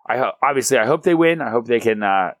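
A young man co-hosting a casual sports podcast, talking in an animated way that climbs higher as he gets worked up. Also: fast, dry recording. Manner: animated, rises in pitch when excited. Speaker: podcast co-host.

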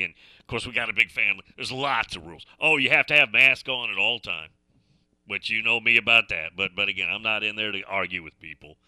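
A man's voice: lowish voice, pushed and bright, no room sound. A middle-aged man hosting a radio talk show, telling a folksy story in a chatty way that repeats and restarts phrases. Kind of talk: casual storytelling chat.

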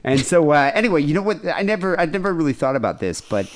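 A man co-hosting a comedy podcast in casual chat, telling profane stories with lively energy. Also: a little high, fast. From United States. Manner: animated, profane storytelling. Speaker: podcast co-host.

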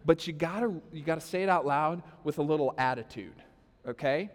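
Man, pastor, sermon, conversational, animated, high voice, reverberant hall. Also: a little fast. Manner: animated, conversational, talks to the congregation. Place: church hall.

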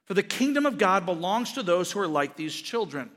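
Middle aged pastor guy, high bright voice, jokey storyteller, echoey church hall. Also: animated, brisk. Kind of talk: sermon.

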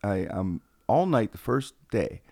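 Gravelly man telling stories. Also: on the low side, unhurried, no room sound, clean studio sound. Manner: animated, acts out quotes in a raised voice. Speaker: radio personality. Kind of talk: casual podcast storytelling.

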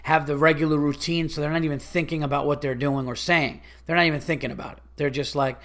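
A young man tells a story on his podcast, his voice sitting a little higher than most men's. He talks casually and swears often, and he keeps getting more exasperated as he goes. He drops into quick little impressions of the people he's talking about. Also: steady tone, fairly bright tone. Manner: profane, exasperated, mimics others in quick asides. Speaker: podcast host.

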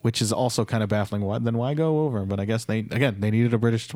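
A man's voice: fairly low pitch, quick pace, darkish tone, no echo. A man co-hosting a podcast, rambling through his opinions on wrestling booking with many restarts. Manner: rambling, hedging, restarts a lot when he gives opinions. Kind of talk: casual opinion chat.

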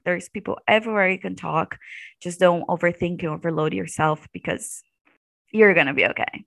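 Chatty young woman with a creaky voice. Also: fairly low pitch, normal speed, fairly bright tone, no echo, poor audio. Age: 20s. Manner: chatty, laughs often, fillers like "like". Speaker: graduate student guest. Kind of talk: casual interview chat.

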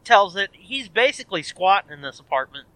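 High, bright-voiced man telling stories. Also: big pitch swings, fairly quick, dry recording, poor audio. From American Midwest. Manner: rambling, profane storyteller who acts out the people he quotes. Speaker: podcast co-host. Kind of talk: casual chat, storytelling.

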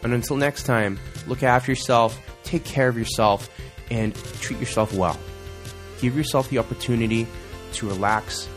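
A man's voice: medium pitch, moderate pace, soft background music. A man hosting a podcast, giving a loose, chummy outro full of plugs and asides, often calling listeners "man". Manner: loose, rambling, self-correcting. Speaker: podcast host.

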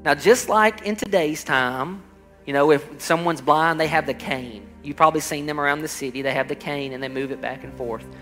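A man preaching in a church hall, his high voice carrying a long echo. He speaks emphatically, calling out to the congregation and acting out the people he quotes. Soft music plays faintly underneath. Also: normal speed. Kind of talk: sermon.

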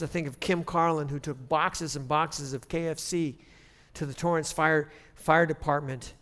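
A man preaching a sermon as pastor, conversational with restarts, rising to loud emphatic preaching. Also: fairly high pitch.

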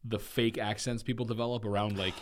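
A man's voice: fairly low pitch, flat delivery, brisk. A man co-hosting a podcast in casual, joking banter. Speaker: podcast co-host.

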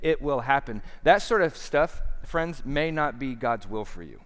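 A man's voice: medium pitch, lively intonation, unhurried. Earnest male pastor preaching in a hall. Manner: earnest, swings between hushed and emphatic. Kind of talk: sermon. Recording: long reverb of a hall.

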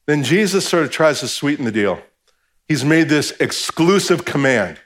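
A pastor giving a sermon in a conversational style, acting out quoted voices and swinging between hushed, low passages and raised, emphatic ones. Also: male voice, animated, moderate pace.

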